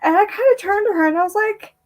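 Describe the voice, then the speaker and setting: A young adult woman co-hosting a podcast, telling stories in a lively casual chat and laughing often. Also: very high voice, fast, low-quality recording. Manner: animated storyteller, laughs often. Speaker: podcast co-host.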